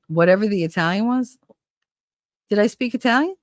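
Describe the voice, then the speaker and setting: A woman's voice: mid-range voice, brisk, pauses often, no room sound. A middle-aged woman, chatting casually with viewers and telling stories with swearing and laughs. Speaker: livestream host.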